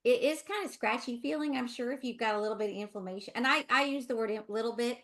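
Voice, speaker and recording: A woman's voice: a little high, fast talker, fairly bright tone. A middle-aged woman with a Southern US accent, a dental hygienist co-hosting a webinar, telling a story in a chatty, rambling way with asides.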